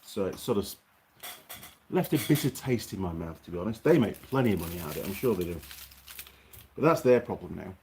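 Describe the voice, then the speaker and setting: A man's voice: deep voice, expressive, brisk, long pauses, darkish tone, a little hiss or hum. Guy chatting on a workshop livestream, reads comments, moans a bit. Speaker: host. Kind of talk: casual livestream chat.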